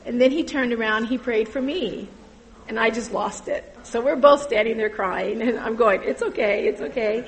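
A middle-aged woman giving an earnest personal testimony about volunteering at church, halting and full of fillers. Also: on the high side, rough recording.

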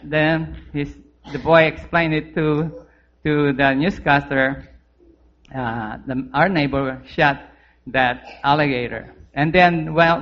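A man tutoring a child by telling an animated story in halting non-native English. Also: on the high side. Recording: dull lo-fi recording.

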